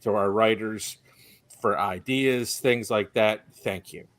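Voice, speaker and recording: A man's voice: on the low side, slow, no room sound. A man, co-founder of an audio drama company, chatting animatedly on a podcast and often restarting his sentences. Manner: animated, stumbling restarts, excitable. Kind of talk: casual podcast chat.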